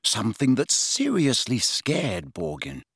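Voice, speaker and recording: A man's voice: medium pitch, expressive, unhurried, dry recording, studio quality. A man voicing a stubborn teenage boy insisting on his suspicions. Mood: insistent.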